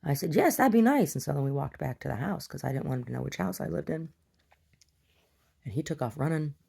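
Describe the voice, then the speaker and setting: A woman's voice: deep voice, fast, creaky, warm tone, breathy edge. A woman telling a personal story in a video diary, rambling with many restarts and asides. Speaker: video diarist. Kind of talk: casual storytelling.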